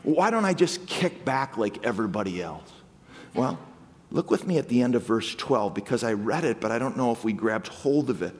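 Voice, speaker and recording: A man preaching a sermon as a guest pastor, shifting between loud, emphatic lines and low, intimate asides. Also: big pitch swings, normal speed, breathy edge. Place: church sanctuary. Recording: long hall reverb.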